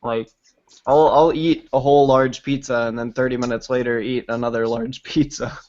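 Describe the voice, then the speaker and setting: A man's voice: medium pitch, fairly even intonation, normal speed, darkish tone, dull audio. A man with stuffed-up sinuses chatting casually on a livestream, rambling and swearing freely between laughs.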